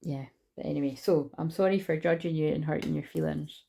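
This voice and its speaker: Rambling low-voiced woman, gravelly. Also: brisk, warm tone. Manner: rambling, chatty, swears freely. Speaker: tarot reader. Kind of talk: casual spiritual tarot reading.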